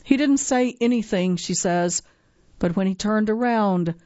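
A woman giving a scripted narration of a magazine article, reading in a measured way and slowing down for dramatic moments. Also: mid-range voice, darkish tone, no echo. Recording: dry, slightly dull lo-fi sound.

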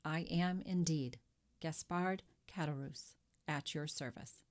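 A woman's voice: deep voice, slow pace. A woman reading an audiobook and voicing an eager, ingratiating male innkeeper who fusses over a guest. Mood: obliging. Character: fawning, flustered male innkeeper, middle-aged. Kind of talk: audiobook character voice.

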